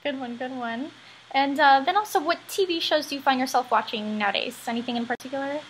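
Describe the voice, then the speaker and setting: A woman's voice: high-pitched, fast, a little hiss or hum. A woman interviewer asking questions in a bubbly, enthusiastic, casual way. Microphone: call line.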